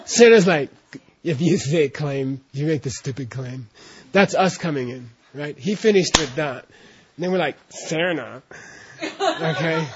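A man's voice: a little high, lively intonation, a little slow, background noise. A man teaching a class, often checking in with his students as he explains, in a dull lo-fi recording of a classroom. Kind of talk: classroom instruction.

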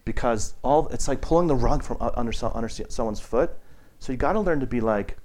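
A man at a middling pitch leads an informal meditation teaching. He rambles and restarts often. He livens things up by acting out the people he quotes. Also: quick pace, darkish tone. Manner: rambling and conversational, with many restarts and fillers. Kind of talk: casual teaching talk to a group.

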